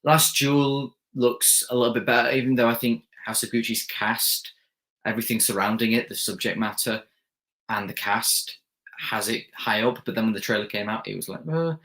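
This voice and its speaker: A man's voice: on the low side, fairly bright tone. A young man hosting a live stream, reading viewer comments aloud and rambling casually with lots of fillers and restarts.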